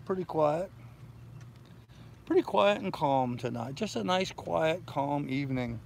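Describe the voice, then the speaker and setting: Broadcasting live from his boat anchored in a bay, this older sailing vlogger wanders through loose, rambling tales in a casual chat. He speaks a little slowly, with a slightly high, creaky voice and lively intonation, over a faint hiss or hum.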